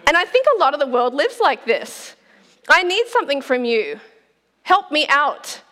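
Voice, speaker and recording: A woman's voice: high-pitched, very animated, measured pace, bright, forceful tone. A woman in her forties preaching a sermon in a chatty, playful way, laughing often. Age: 40s. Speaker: pastor. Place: church auditorium. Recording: long reverb of a hall.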